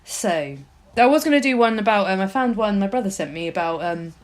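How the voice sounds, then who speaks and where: Woman, mild Norfolk accent, podcast co-host, casual chat, rambling, amused, medium pitch. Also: animated, a little fast. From England, East Norfolk. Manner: chatty, many ums and restarts, reads aloud with amused asides.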